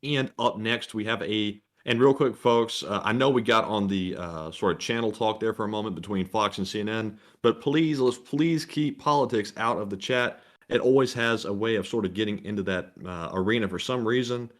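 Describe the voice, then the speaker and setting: A man's voice: on the low side, normal speed, few pauses. Friendly man reading viewer donations. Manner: friendly, reads messages aloud. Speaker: livestream co-host reading donations. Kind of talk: casual livestream talk.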